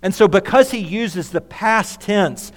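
A man's voice: high-pitched, lively intonation, a little slow. Emphatic preaching man in echoing hall. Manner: emphatic, swings between loud and hushed. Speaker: pastor. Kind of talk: sermon. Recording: long reverb of a large hall.

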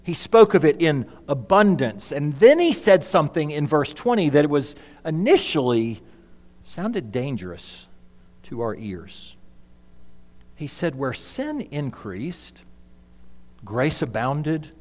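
A man's voice: fairly high pitch, big pitch swings, a little slow. Emphatic preaching man in echoing hall. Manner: emphatic, swings between loud and hushed. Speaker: pastor. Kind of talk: sermon. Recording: long reverb of a large hall.

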